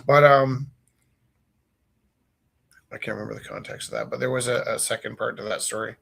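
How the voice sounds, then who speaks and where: A man's voice: medium pitch, moderate pace, gravelly, slightly rough. A man in his forties, an art teacher, telling stories casually and with energy as he paints, joking and acting out his students. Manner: animated, acts out his students' voices; loose and joking. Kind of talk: casual storytelling while painting.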